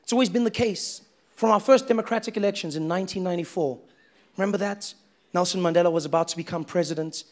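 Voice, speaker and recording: A young man with a South African accent doing an animated stand-up set. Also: high-pitched, quick pace. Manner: animated storytelling, shifting into voices. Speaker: stand-up comedian. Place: live stage with audience.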